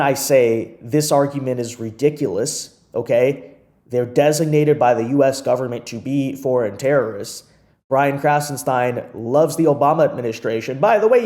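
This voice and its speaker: A man's voice: medium pitch, moderate pace, dark tone. A man hosting a political commentary video, talking in an emphatic, repetitive, mocking way.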